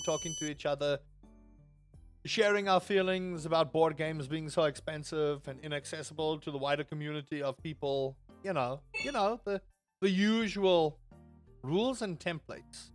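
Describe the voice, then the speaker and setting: High-voiced rambling streamer guy. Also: normal speed, faint music behind. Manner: rambling, animated, lots of restarts and grumbling asides. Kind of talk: casual live-stream chat while playing.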